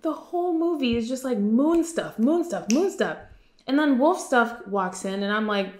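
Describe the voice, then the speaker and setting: Chatty woman recapping a film, roomy echo. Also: on the high side. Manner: animated, slips into quick impressions of characters. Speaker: movie recap youtuber. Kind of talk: casual movie recap.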